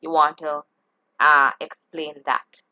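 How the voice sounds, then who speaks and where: A woman teaching a geography exam-prep lesson, explaining slowly and deliberately, often restarting her phrases. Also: low-pitched, flat delivery, dull audio.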